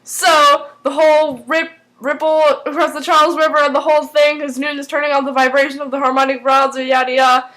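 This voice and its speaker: A woman with a bright, high voice talks through a TV episode in a loose, casual recap. She rambles, trips over her words and stacks up fillers. She turns animated and emotional when reacting to the story. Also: fairly quick, rough recording. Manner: rambling, filler-heavy, with many restarts; animated and emotional, swinging between excitement and mock dismay. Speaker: fan recap vlogger.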